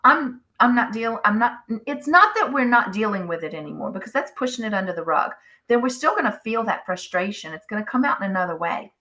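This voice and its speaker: A middle-aged woman hosting a spiritual wellness talk, calmly guiding listeners and acting out their inner thoughts. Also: medium pitch. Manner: slow, soothing, acts out inner voices. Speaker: spiritual wellness channel host. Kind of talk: guided self-help talk.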